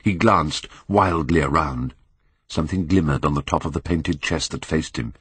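Deep, husky-voiced male audiobook narrator. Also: no room sound. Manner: measured and expressive, dramatic swells. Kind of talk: scripted literary narration.

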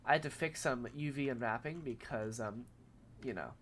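A man who is sick with a cold, speaking in a nasal voice and giving a rambling, filler-filled software tutorial. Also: medium pitch, normal speed, slight background noise. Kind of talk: casual screen-recorded tutorial.

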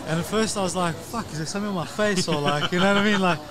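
A man's voice: high-pitched, racing. A man from South Africa chatting casually, laid-back, saying dude and bro. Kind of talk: casual chat. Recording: crowd noise behind.

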